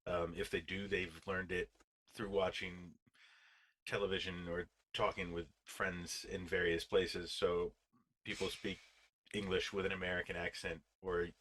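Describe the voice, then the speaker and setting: A man's voice: deep voice, level tone, measured pace, a bit bright, slight background noise, low-quality recording. A man playing in a tabletop game, chatting casually in a rambling, thoughtful way. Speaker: player.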